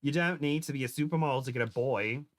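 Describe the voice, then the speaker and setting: Host type, male, mid-pitched, reads fanfic aloud for laughs, trips over words. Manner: reads aloud with stumbles and giggles, quick voice shifts for quotes. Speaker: podcast host reading fan fiction aloud. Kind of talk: comedic dramatic reading.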